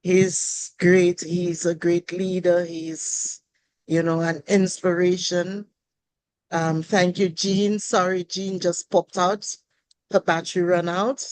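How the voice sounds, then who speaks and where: A woman hosting an online panel on a video call, giving an emotional, grateful thank-you speech with a hoarse, worn-out voice and many pauses. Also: on the low side, flat delivery, a little mellow, no echo, low-quality recording.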